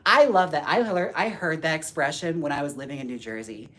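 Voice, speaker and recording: A man hosting a casual live stream while styling dolls, talking to viewers by name in a campy, sassy way with quick jokes and frequent laughs. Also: a little high, a bit bright. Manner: talks to viewers by name, reads chat aloud.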